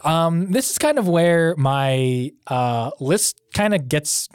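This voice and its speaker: Young male co-host, higher voice, halting casual chat. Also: expressive, clear, resonant tone, no room sound, clean studio sound. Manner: hesitant, full of fillers. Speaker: podcast co-host.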